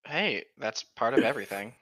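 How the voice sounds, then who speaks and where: A man's voice: medium pitch, lively intonation, moderate pace, bright, forceful tone. A young man co-hosting a fan fiction reading podcast, goofy and joking. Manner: goofy, playful joker. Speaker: co-host.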